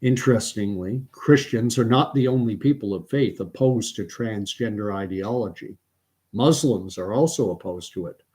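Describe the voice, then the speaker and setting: A man's voice: fairly low pitch, a little mellow, husky. Canadian man hosting a late-night livestream. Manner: unhurried, reads aloud with many fillers and restarts. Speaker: channel host. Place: at home with his dog.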